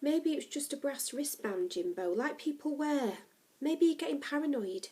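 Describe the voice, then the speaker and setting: Snappy teen girl biker, touchy and blunt, pitched up high, as a lady reading a storybook puts her on. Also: expressive, normal speed, dark tone, recorded from a distance. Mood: doubtful. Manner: snappy and exasperated.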